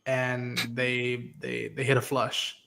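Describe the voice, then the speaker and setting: Animated podcast host man. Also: mid-range voice, slow, gravelly. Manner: animated, swears, acts out characters' lines. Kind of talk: casual livestream talk about an episode.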